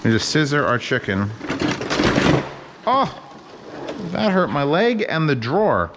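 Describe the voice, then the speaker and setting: A man with a higher-than-average, sing-song voice speaks slowly on a very noisy recording. Hosting a casual cooking vlog from his home kitchen, he cooks while joking, rambling, and swearing plenty.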